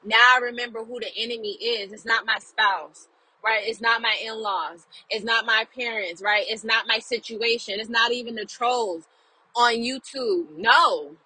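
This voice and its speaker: Earnest, bright-voiced woman encouraging viewers. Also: fairly high pitch, normal speed, husky, rough recording. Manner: earnest, encouraging, repeats phrases with many tag questions. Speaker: Christian video creator. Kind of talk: casual faith talk to viewers.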